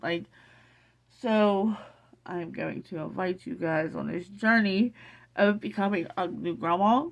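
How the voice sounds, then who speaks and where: A middle-aged woman in an emotional casual vlog, excited and teary, rambling with many restarts. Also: mid-range voice, normal speed, gravelly, muffled recording. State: teary from crying. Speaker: vlogger.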